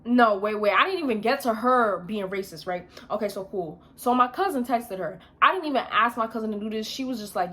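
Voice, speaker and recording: Young woman, vlogger, blunt slangy storytime, bright sharp tone. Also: fairly high pitch, lively intonation, brisk, few pauses. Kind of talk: casual storytime rant.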